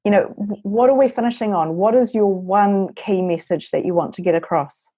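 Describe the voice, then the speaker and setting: A woman's voice: medium pitch, moderate pace, dark tone, husky, lo-fi sound. A woman hosting an interview podcast, affirming and encouraging her guest as she asks questions and wraps up. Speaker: podcast host.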